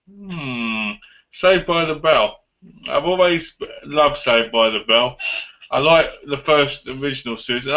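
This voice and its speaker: A man's voice: medium pitch, sharp tone. A young man casually answering viewer questions, rambling and often correcting himself, in a dull lo-fi recording. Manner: rambling, self-correcting, chatty. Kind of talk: casual chat. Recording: dull lo-fi sound.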